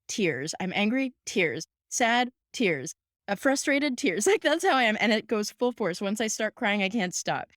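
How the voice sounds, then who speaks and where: A house call vet in her thirties hosts a podcast, her mid-range voice very animated yet unhurried, recorded dry in clean studio sound. She talks casually, warmly and emphatically, laughing often and saying "like" a lot.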